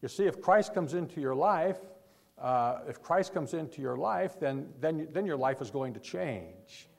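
Gravelly-voiced man preaching a sermon. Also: lively intonation, measured pace. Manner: pleading, rising to emphatic then dropping low.

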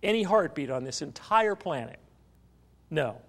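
A man's voice: fairly high pitch, animated, a little slow. A man preaching a sermon, telling a story and asking the congregation questions. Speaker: pastor.

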